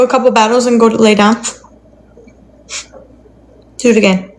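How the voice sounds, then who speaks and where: A woman's voice: on the high side, flat delivery, normal speed, darkish tone, a little hiss or hum. A young woman chatting casually on a phone livestream from her apartment, rambling, with cooing baby-talk to her dog.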